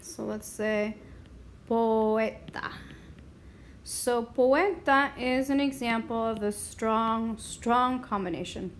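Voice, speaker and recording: A woman explaining a Spanish grammar lesson in a slow, deliberate way, stopping now and then to clear her throat. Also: fairly high pitch, fairly bright tone, slight background noise. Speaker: Spanish teacher.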